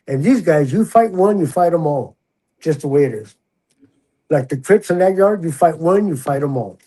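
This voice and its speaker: Husky older man telling a story. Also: a little high, normal speed, poor audio. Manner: animated, acts out the quoted voices. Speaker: guest, retired prison officer. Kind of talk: casual storytelling in a podcast interview.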